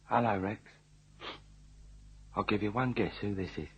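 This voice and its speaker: An actor playing a menacing armed robber with a Cockney accent, in a vintage radio drama. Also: male voice, on the low side, normal speed, husky. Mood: sly. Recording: dull lo-fi old radio recording.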